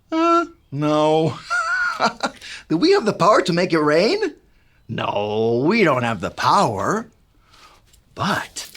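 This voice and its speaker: A woman's voice: low voice, a bit bright, heavily acted. Luis the Handyman, a playful kids' storyteller, as a woman puts him on. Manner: playful, calls kids to join in. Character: cheerful male handyman storyteller. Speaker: children's church presenter. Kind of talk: kids' Bible story with actions.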